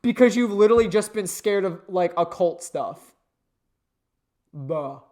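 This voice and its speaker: Excitable male gamer, casual commentary. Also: high-pitched, unhurried. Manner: excitable, laughing, swearing. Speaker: let's play gamer.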